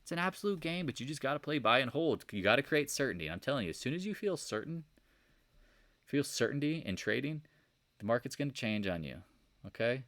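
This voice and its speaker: A man's voice: medium pitch, big pitch swings, brisk, fairly bright tone, no echo. A man giving a casual, rambling market recap over charts, exasperated and preachy, firing off rhetorical questions. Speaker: market commentator.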